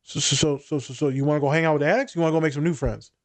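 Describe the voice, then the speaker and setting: A man's voice: a little high, steady tone, racing. Blunt, profane male therapist chatting. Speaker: therapist and podcast host. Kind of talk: casual podcast chat.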